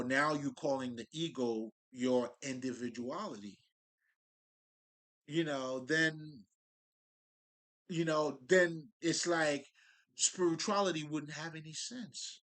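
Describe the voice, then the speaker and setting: Male spiritual talker, bright tone, casual profane street-style musing with restarts. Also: mid-range voice. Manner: loose, profane street talk, restarts and laughs. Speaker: spiritual speaker.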